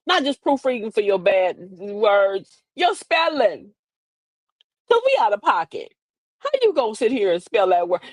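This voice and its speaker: A woman's voice: medium pitch, a little mellow, no echo. An older woman hosting a casual comedic chat, sassy and preachy, laughing through her asides. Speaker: host. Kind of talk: casual comedic storytelling to an online audience.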